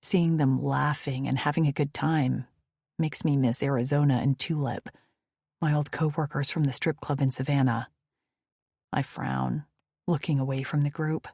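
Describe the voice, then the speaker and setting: A woman narrating a first-person romance audiobook in a hushed, breathy inner-monologue manner, close to the mic. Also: a bass voice, steady tone, normal speed, no echo.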